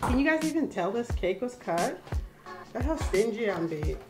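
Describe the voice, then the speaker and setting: A young mother on a home vlog, talking sweetly to her little child with a raised, bright pitch. The room rings with echo and music plays loudly behind her. She keeps asking coaxing questions in a soft, caring way. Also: very animated, moderate pace. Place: family home at a birthday party.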